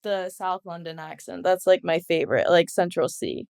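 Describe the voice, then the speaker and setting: A young woman chats as a podcast guest, giggling and filling her sentences with "like." Her voice is smooth and clear. The recording is close and dry. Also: on the low side, expressive, normal speed, darkish tone, no echo. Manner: giggly, chatty, many fillers. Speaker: guest athlete. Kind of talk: casual interview chat.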